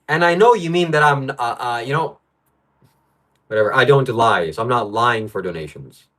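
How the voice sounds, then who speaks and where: A man's voice: mid-range voice, lively intonation, normal speed, fairly bright tone. A man hosting a live stream from home, reading out viewer comments and ranting about them in frustration. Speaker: livestream host. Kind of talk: livestream talk.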